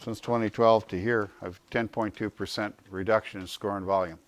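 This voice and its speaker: A man's voice: lowish voice, a little fast, a little hiss or hum. A man giving an informal health talk to a small audience, telling stories and asking himself questions, then answering them. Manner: animated storyteller, acts out quotes in a raised voice; asks and answers his own questions.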